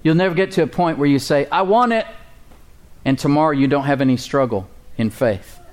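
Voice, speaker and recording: A man delivers an emphatic sermon from the pulpit of a church, with a voice that sits a bit high. He drives each point home and keeps throwing rhetorical questions at his congregation. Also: a little fast, darkish tone. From United States. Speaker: pastor.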